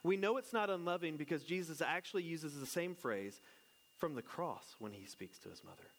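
A man in his thirties or forties preaching a relaxed sermon in an easy, chatty way. He jokes and asks his listeners questions as he walks through a Bible passage. His voice sits a little higher than most men's. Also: moderate pace, slight background noise. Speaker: pastor. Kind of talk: casual conversational sermon.

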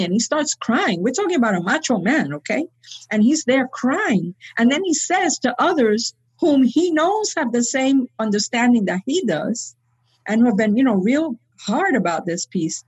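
A woman's voice: on the high side, expressive, moderate pace, darkish tone, slightly rough, low-quality recording. A woman telling a long church story in conversation, acting out the people she quotes. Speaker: guest speaker.

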